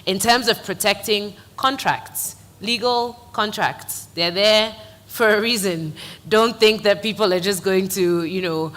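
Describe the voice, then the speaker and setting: A woman speaking on a conference panel, giving earnest, steady advice to designers. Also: medium pitch, measured pace, in a large hall. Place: conference hall.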